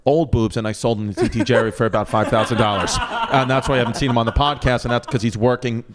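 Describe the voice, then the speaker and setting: A man's voice: mid-range voice, steady tone, quick pace, over a noisy crowd. Joking, teasing man on a podcast. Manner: joking, teasing, laughs often. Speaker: podcast host. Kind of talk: casual podcast chat.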